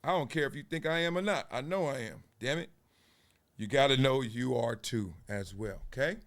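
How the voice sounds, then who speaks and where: A man's voice: medium pitch, normal speed, fairly bright tone. A man hosting a casual sports commentary show, joking and trash-talking, now and then breaking into freestyle rhymes. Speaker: host.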